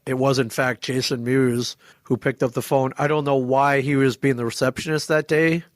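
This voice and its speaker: A man in his forties telling a story casually as a podcast guest, acting out the quoted dialogue in an animated way. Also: mid-range voice, moderate pace, no room sound, clean studio sound.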